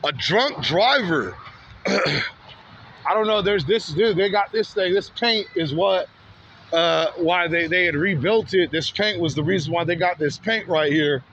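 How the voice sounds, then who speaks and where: A man's voice: high-pitched, measured pace, a bit bright, dull audio, a little hiss or hum. A man from Santa Ana, California telling a story outdoors in a rambling, repetitive and heated way, often ending lines with "man" or "bro". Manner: frequent "man" and "bro" tags. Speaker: vlogger. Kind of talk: walking vlog storytelling. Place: outdoors on a street.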